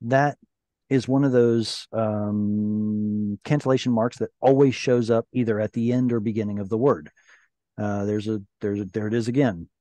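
A man's voice: lowish voice, fairly even intonation, normal speed, dark tone, no room sound. A man teaching a Hebrew reading class over a video call, explaining grammar patiently. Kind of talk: online class discussion.

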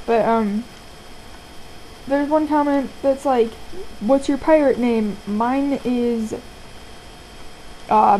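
Young woman, high mellow voice, rambling profane rant to a webcam at home. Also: slight background noise, poor audio. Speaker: vlogger. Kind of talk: ranting casual vlog. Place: indoors at home, seated.

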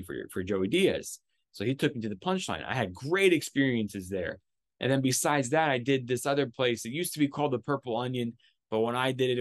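A man's voice: mid-range voice, no echo. Casual storytelling man, dry close sound. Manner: animated, profane storytelling with acted-out quotes. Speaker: podcast host.

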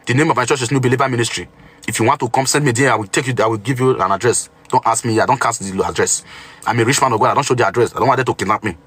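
A man's voice: mid-range voice, fairly bright tone, slightly rough. A man with a Nigerian accent preaching on a livestream, boastful and indignant as he scolds his viewers. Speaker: self-styled pastor on a livestream.

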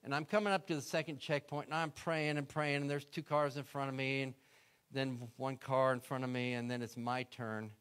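A man's voice: medium pitch, flat delivery, moderate pace, a bit bright, smooth. A middle-aged man, a guest speaker, telling a story in a sermon and acting out his own prayers.

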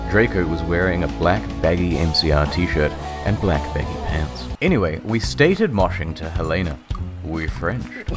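A man hosting and narrating a comedic dramatic reading, deadpan with sarcastic swoops. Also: sits low. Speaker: narrator and host. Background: music.

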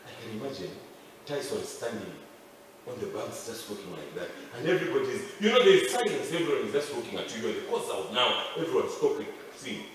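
Animated preacher man, echoey from afar. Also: mid-range voice, brisk, slight background noise. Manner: storytelling preacher, swings from loud excited cries to hushed pleading. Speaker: pastor. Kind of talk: sermon. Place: large outdoor camp meeting. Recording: echoey long reverb, distant mic, faint ambience.

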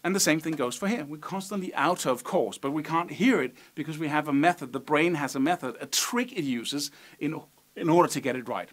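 A man's voice: a little high, brisk. A man teaching guitar technique, explaining patiently and checking in with "right?" as he goes. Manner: explanatory, sings rhythms as syllables, rhetorical "right?".

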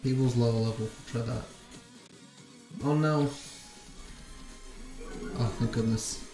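A man's voice: medium pitch, steady tone, slow pace, roomy sound, music in the background. A man giving casual, freely swearing commentary while streaming a game, muttering to himself.

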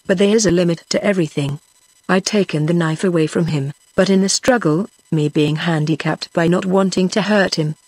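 A text-to-speech woman's voice with a British accent, reading an audiobook in an even, steady way. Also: on the low side, breathy edge, dry recording. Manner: even, steady machine-read delivery. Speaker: audiobook narrator.

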